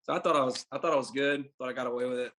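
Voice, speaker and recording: A young baseball pitcher guesting on a podcast delivers a long, casual story, laid-back and rambling, with "like" dropped into almost every sentence as he backtracks and restarts. His mid-range, fairly bright voice is very fast with fairly even intonation, and there's a little hiss or hum.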